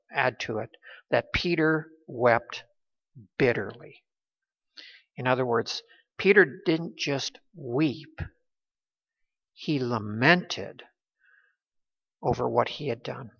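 Guy preaching a bible sermon, emphatic, lots of uhs, kinda gravelly, muffled recording. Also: mid-range voice, takes it slowly, long pauses, fairly bright tone. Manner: earnest, emphatic, frequent uh fillers. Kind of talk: expository sermon.

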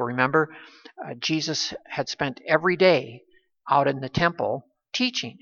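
Guy preaching a bible sermon, emphatic, lots of uhs, kinda gravelly, muffled recording. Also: fairly high pitch, a bit bright. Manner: earnest, emphatic, frequent uh fillers. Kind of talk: expository sermon.

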